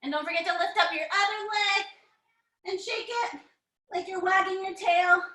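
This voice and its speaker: A woman leading a children's yoga lesson, animated and encouraging, with sing-song storybook chanting as she greets kids by name. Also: very high-pitched, moderate pace. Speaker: kids' yoga teacher.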